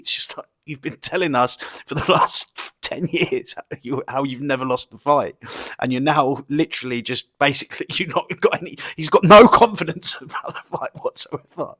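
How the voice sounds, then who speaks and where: A man's voice: a little high, normal speed, bright, forceful tone. A man giving a mocking, exasperated commentary rant, swearing and laughing often. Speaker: YouTube commentator. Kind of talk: ranting commentary vlog.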